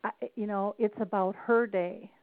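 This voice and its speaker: A woman's voice: medium pitch, fairly even intonation, unhurried, no echo. A middle-aged woman, a family caregiver and speaker, tells personal stories earnestly in a podcast interview. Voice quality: earnest, storytelling delivery with restarts. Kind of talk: emotional podcast interview over the phone. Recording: tinny phone line, dry.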